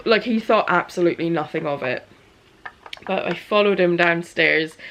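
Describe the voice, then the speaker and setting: A woman, chatting casually to camera in her small business vlog, animated and laughing as she tells a story. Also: medium pitch. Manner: animated storyteller, acts out quotes, laughs often.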